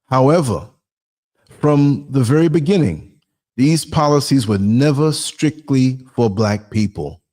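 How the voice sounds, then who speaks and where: A man's voice: mid-range voice, lively intonation, measured pace, mellow. Man, livestream host, chatty, laughs a lot, reads chat. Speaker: podcast host. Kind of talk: casual livestream talk.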